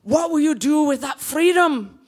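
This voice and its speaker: A woman playing a Scottish warrior leader rallying his men, with a put-on Scottish accent and a raised, shouting voice. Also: high-pitched, expressive, unhurried, voice pushed up. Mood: rousing.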